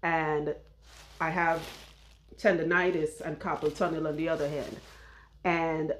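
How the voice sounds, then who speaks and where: A woman's voice: deep voice, flat delivery, unhurried, a little hiss or hum. A woman chatting casually while her hair is done, rambling and laughing often, on a clip-on mic. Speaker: loctician and vlogger.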